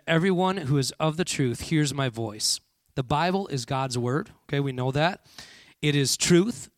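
A man's voice: fairly high pitch, fairly bright tone, dry recording, clean studio sound. A man preaching a sermon to a congregation, with frequent call-and-response and "all right" checks. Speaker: pastor.

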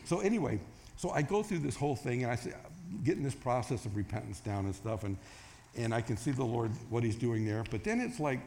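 A man's voice: medium pitch, brisk, gravelly, a little hiss or hum. A man preaching a sermon, telling a story casually and acting out the voices in it. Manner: storytelling, acts out quoted voices with rising excitement. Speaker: pastor.

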